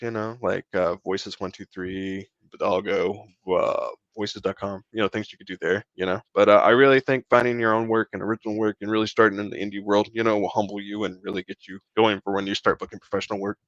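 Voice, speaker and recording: A man's voice: on the low side, a bit bright, no echo, dull audio. A man being interviewed about his voice acting work, talking in a joking, laid-back way and saying "you know" often. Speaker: guest voice actor. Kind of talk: casual interview chat.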